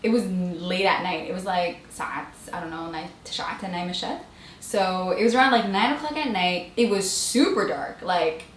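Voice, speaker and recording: A young woman vlogger telling a story to the camera in a chatty way, full of fillers and quick laughs. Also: lowish voice, slight background noise. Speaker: beauty vlogger. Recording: roomy echo, faint ambience.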